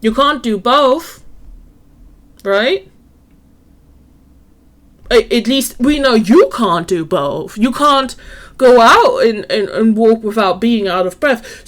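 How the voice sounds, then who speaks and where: Sarcastic woman reacting to a clip. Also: a little high. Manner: sarcastic, skeptical. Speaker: reaction commentator. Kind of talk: reaction commentary.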